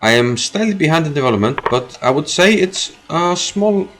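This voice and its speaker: A man streaming his own chess game, commenting live as he thinks aloud, repeating phrases and filling pauses. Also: fairly high pitch, animated, a bit bright.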